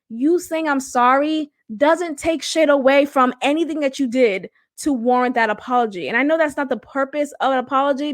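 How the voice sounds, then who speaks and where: A woman's voice: high-pitched, dry recording, clean studio sound. A young woman of Haitian roots, a podcast host telling a personal story in casual, candid talk and swearing freely.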